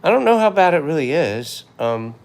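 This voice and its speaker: A man hosting a casual livestream, rambling and hesitant with many fillers, often trailing off quietly. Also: on the high side, big pitch swings, moderate pace. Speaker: livestream host.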